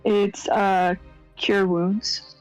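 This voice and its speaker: A woman's voice: medium pitch, flat delivery, very slow, a little mellow, no echo, soft background music, poor audio. A woman playing in a tabletop game, laying out her plan step by step. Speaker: player.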